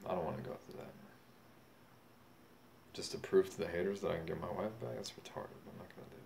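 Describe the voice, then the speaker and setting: A young man who styles himself a boxing champion vlogger boasts and rambles in a profane, drunken casual monologue. His low voice is fast, gravelly and a little mellow, with faint background noise.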